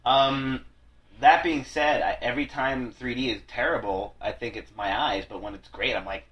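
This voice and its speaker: A man's voice: mid-range voice, steady tone, normal speed, a bit bright, a little hiss or hum, rough recording. Rambling, profane man hosting a chat. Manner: rambling, profane, self-deprecating. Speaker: podcast host. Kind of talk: casual chat.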